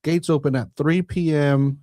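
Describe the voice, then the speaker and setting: A man's voice: on the high side, steady tone, measured pace, mellow, no echo, clean studio sound. A man co-hosting a live soccer fan show, joking around and reading out club news. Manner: jokey, laughs, reads out club announcements. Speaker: podcast co-host. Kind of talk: casual chat about local soccer.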